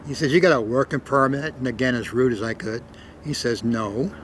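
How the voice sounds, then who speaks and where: A man's voice: mid-range voice, fairly quick, slight background noise, low-quality recording. An older man from Canada telling stories in a loose, rambling monologue, cursing freely and punching words with sudden emphasis. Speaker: storyteller. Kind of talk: casual spoken monologue.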